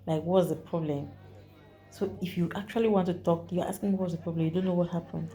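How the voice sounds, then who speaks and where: A woman with a Nigerian accent recounts a story straight to the camera, chatty and animated, circling back with repeats and asides. Her voice sits fairly low with a warm, mellow tone, and soft music plays faintly behind her. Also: quick pace. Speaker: vlogger.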